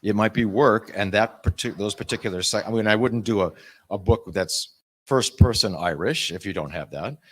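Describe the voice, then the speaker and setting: A man with a lowish voice talks on a convention panel about narrating audiobooks. He speaks in an animated way, often breaking off and restarting his sentences. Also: normal speed. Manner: animated, uses music metaphors, self-interrupting. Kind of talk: panel talk.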